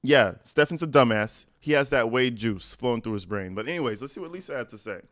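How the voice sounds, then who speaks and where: A man's voice: mid-range voice, animated, fairly quick, a bit bright. A man hosting a reaction channel, reading letters aloud and breaking in with blunt, profane, mocking commentary.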